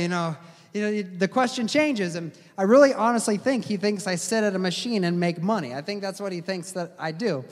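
Male preacher, high voice, earnest sermon delivery, echoing hall. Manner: earnest, slows down to stress key words. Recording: long hall reverb.

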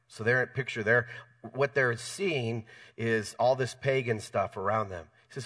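A man's voice: mid-range voice, steady tone, moderate pace, a bit bright, distant mic. A man preaching a sermon as the pastor, speaking with emphasis, repeating key phrases and correcting himself mid-sentence.

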